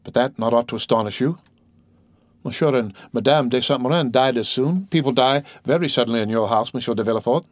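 A man's voice: medium pitch, brisk, dry recording, studio quality, close to an everyday voice. A man voicing a grave male doctor who asks curt, commanding questions.

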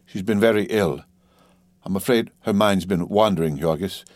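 A man voicing an anxious older woman who speaks in a hurried, hushed way in an audiobook. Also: low-pitched, no echo, natural voice.

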